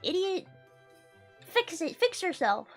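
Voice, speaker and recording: A woman's voice: very high-pitched, big pitch swings, slow pace, faint music behind. A woman streaming a game, chatting casually, swearing freely and laughing often. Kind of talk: casual gaming stream chat.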